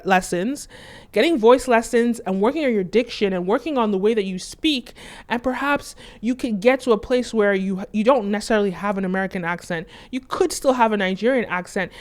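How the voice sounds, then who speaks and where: Chatty woman host explaining casually. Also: mid-range voice. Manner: conversational, leans on "right?" and "like". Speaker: channel host.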